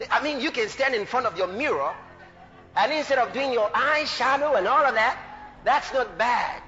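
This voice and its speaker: A man preaching a sermon, animated, breaking into shouts of hallelujah and laughing between phrases. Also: very high-pitched, normal speed, lo-fi sound, faint music behind.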